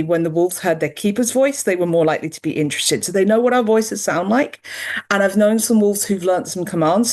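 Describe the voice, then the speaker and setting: A British woman, a dog behavior researcher, explaining her findings in a chatty, lively interview manner. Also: lowish voice. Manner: chatty and lively, laughing easily, with mild restarts.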